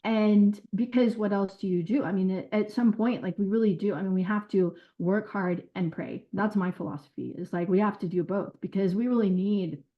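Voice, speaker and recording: A woman who was a caseworker, telling her experiences in an interview in an earnest, animated way with quoted dialogue. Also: medium pitch, moderate pace, few pauses. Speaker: former caseworker. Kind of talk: recounting stories in an interview. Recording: dull lo-fi sound.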